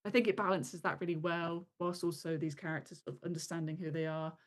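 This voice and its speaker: A woman reviewing films as a guest in a casual chat, measured and full of fillers and hedging phrases. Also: fairly low pitch, level tone.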